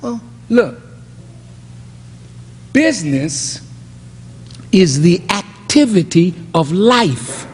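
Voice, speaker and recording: An older man preaches a fired-up sermon in a high, swooping voice that leaps up to shouts and then falls to a near murmur. He takes his time over each phrase, and a long reverb from a large hall trails after his words. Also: big pitch swings, very slow, pauses often. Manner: preaching with shouted peaks and sudden drops. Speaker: minister. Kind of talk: fiery sermon.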